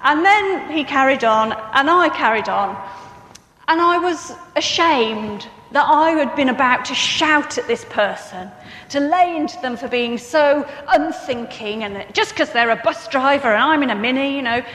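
A woman preaching a sermon, earnest and reflective, then lively and expressive as she tells a story. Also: high-pitched, unhurried. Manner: earnest, turns animated and expressive when telling a story. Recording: echoey hall with long reverb.

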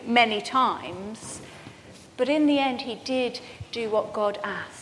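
Female preacher, high voice, earnest and personal, recorded in a reverberant hall. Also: animated, normal speed. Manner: earnest, personal, shifts between projected and soft-spoken. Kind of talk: sermon. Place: church hall. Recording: hall reverb, faint background noise.

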